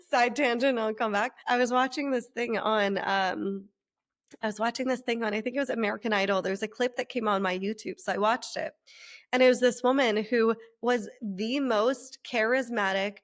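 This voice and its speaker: A woman business coach talking fast and excitedly, laughing and acting out quotes with big jumps in her voice. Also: medium pitch. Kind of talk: casual podcast chat.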